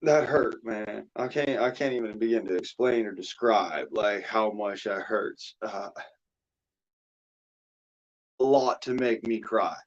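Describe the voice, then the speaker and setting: Through a dull, lo-fi microphone, a man with a fairly low voice runs a streamed chat panel at a measured pace with few pauses. He drawls, rambles emotionally, curses frequently and repeats himself.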